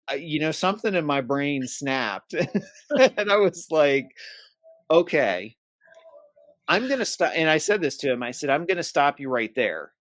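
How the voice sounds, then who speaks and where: A man's voice: medium pitch, a bit bright, no room sound. Man telling a story, dry close sound. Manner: retells a heated phone call, quoting both sides. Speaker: podcast co-host. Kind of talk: casual storytelling.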